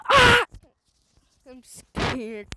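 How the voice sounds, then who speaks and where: Woman, high voice, slow delivery, giggly gaming streamer on a handheld mic. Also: rough recording. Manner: giggly, excitable, laughs a lot. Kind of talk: casual gameplay chatter. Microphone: handheld microphone.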